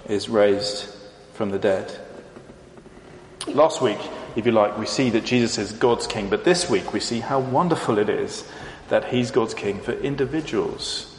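A man preaching a sermon in a measured way, reading verses aloud and explaining them. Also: mid-range voice, a little hiss or hum. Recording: echoey hall with long reverb, faint ambience.

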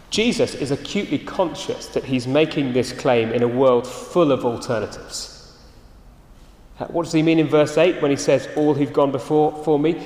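A man preaching a sermon, earnest and emphatic, his phrases often sinking soft and low at the end. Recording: echoey hall, reverberant.

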